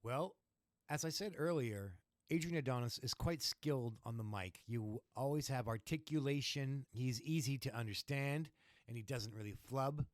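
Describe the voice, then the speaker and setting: A man's voice: mid-range voice, normal speed, dry recording, studio quality. Chatty man recapping old wrestling. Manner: chatty, acts out quotes in raised voice. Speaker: podcast co-host. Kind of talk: casual chat recapping wrestling.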